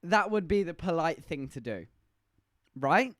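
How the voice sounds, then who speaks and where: A man telling a story to his live-stream chat, animated and laughing, teasing the viewers. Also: on the high side, measured pace, dry recording.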